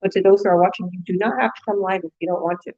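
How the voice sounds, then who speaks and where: A woman's voice: medium pitch, fairly even intonation, racing, darkish tone, dull audio. A woman hosting a live business webinar, chatty and effusive, with many fillers.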